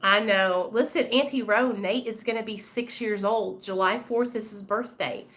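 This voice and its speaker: A woman's voice: mid-range voice, normal speed, fairly bright tone. Candid chatty woman with a drawl. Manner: candid, chatty, addresses viewers and commenters by name. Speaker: vlogger talking to live chat. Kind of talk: casual live-stream chat.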